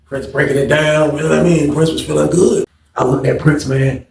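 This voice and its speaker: Male storyteller, slightly raised pitch and a gravelly edge, animated delivery, roomy sound. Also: brisk, noisy background. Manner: animated, acts out quotes and sound effects. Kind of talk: casual storytelling.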